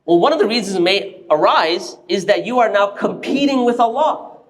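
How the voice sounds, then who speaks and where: High-pitched male preacher, animated storytelling sermon, mosque. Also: moderate pace, a little hiss or hum. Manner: animated storyteller, acts out quoted voices. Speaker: preacher giving a Friday sermon.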